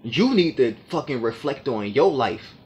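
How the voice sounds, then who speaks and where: A man's voice: mid-range voice, sing-song, measured pace, darkish tone. A man in an aggrieved, profane monologue to the camera, repeating his points as he rants. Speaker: vlogger.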